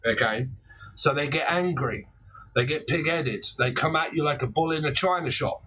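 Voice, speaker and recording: A man's voice: fairly high pitch, a little slow, long pauses, bright, forceful tone, slightly rough, low-quality recording. A man in his forties doing a chatty live-stream tarot reading, laughing often between points and breaking into theatrical quoted outbursts. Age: 40s. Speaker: tarot reader.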